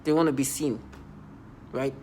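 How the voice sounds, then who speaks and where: A man talking in a casual vlog monologue, rambling and halting, with many restarts and stammered repeats. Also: medium pitch, steady tone, a little mellow, a little hiss or hum. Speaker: vlogger.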